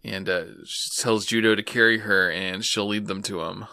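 A man summarizing anime plot points in casual chat, calmly and with many fillers. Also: on the low side, normal speed, smooth, dry recording. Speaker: podcast co-host recapping an anime episode.

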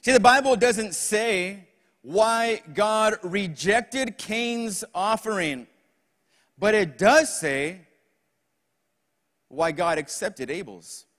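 High-voiced pastor preaching in a reverberant church. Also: male voice, extremely slow, fairly bright tone. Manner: folksy, joking, calls for amens. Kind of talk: sermon. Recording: long reverb of a church hall.

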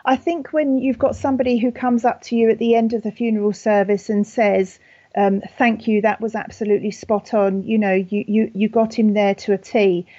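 Soft-spoken British woman, gentle celebrant. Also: a little high, fairly even intonation, normal speed, breathy edge, dry recording, highs cut off. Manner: gentle, thoughtful, many ums and restarts. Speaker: funeral celebrant. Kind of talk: conversational podcast interview.

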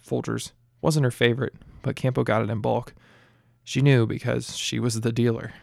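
A man narrating an audiobook in a steady, plain reading voice. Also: mid-range voice, normal speed, vocal fry, no echo, studio quality.

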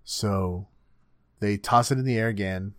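A man's voice: on the low side, measured pace, fairly bright tone, dry recording, clean studio sound. A man co-hosting a podcast, recapping anime in a profane, rambling casual chat. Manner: profane, rambling, acts out characters. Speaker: podcast co-host.

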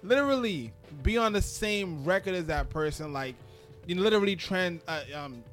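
A man's voice: high-pitched, lively intonation, moderate pace, a bit bright, faint music behind. A man hosting a hip-hop interview podcast, laid-back and chatty. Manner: laid-back, lots of backchannel. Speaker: host.

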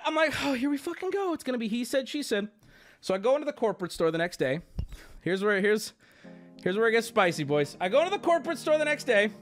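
Young male streamer, high and very lively voice, casual cussing storyteller, faint music behind. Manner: animated, swearing, swings between high exclamations and low mumbles.

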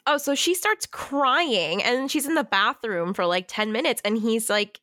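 A woman's voice: on the high side, expressive, a little slow, sharp tone, no echo, studio quality. Chatty laughing woman in her twenties. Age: 20s. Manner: laughing, chatty, swearing freely. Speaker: podcast co-host. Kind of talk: casual book recap chat.

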